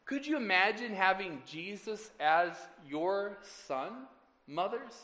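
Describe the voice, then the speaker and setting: Man, pastor, earnest sermon, loud on scripture, long church reverb. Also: high voice, expressive, slow. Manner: earnest preaching, swelling loud on scripture, asides to the congregation. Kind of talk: Mother's Day sermon.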